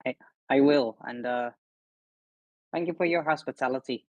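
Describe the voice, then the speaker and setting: A man's voice: mid-range voice, moderate pace, darkish tone, highs cut off, close to an everyday voice. A man voicing a polite, hesitant young villager in a put-on Irish accent.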